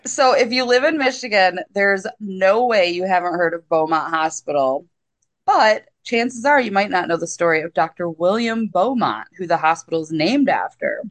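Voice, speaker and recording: Female podcast co-host, wry, quick to exasperation, casual. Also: on the low side, animated.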